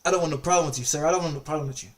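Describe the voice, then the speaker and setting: A man's voice: a little high, racing, far from the mic, close to an everyday voice. A man quoting a nervous young male police officer, stammering and defensive. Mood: backing down.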